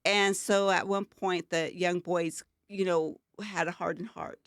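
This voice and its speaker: A woman's voice: lowish voice, fairly even intonation, unhurried, no room sound, studio quality. An older woman co-hosting a talk show, talking in an earnest, emotional and rambling way with many fillers. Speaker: co-host. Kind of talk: casual talk-show chat.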